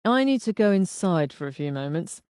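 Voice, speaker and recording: A woman reading the part of a calm, steady male police inspector who speaks in a measured, formal way. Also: high voice, clean tone, dry recording, studio quality. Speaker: detective inspector.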